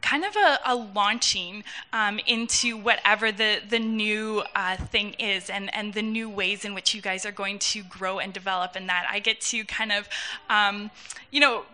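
Brief: woman, bright clear tone, upbeat, lots of fillers and restarts. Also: medium pitch, fairly even intonation. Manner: halting, many fillers, upbeat. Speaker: new staff member of a church community. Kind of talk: casual spoken remarks.

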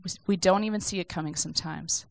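Brief: young woman, lowish voice, dry close sound, gentle conversational sermon read from notes. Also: quick pace, creaky, no room sound. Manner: conversational, self-deprecating, reflective. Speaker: speaker sharing a church message.

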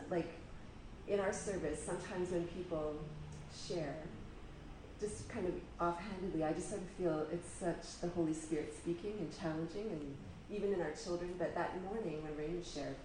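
Woman sharing her story at church, lower voice, lots of ums, echoey room with noise. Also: normal speed. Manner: hesitant, many ums. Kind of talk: personal testimony. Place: church hall. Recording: echoey hall with clear background noise.

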